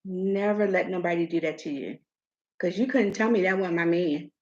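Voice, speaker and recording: A middle-aged woman hosting a casual chat, telling a personal story in an animated way and acting out what others said. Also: on the low side, moderate pace, lo-fi sound. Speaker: host.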